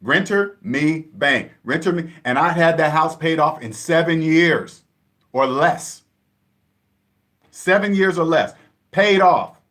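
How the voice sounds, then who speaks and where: Man, emphatic repetitive lecturer, casual vlog delivery, slightly raised pitch. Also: animated, slow, a bit bright. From Seattle area, USA. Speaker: personal finance vlogger. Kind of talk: casual monologue to camera.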